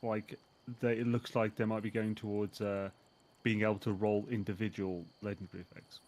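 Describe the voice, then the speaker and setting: A man's voice: lowish voice, little pitch movement, normal speed, a little mellow. A man chatting casually with a friend during a game, laid-back and hesitant with fillers. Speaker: co-player. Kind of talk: casual chat while gaming.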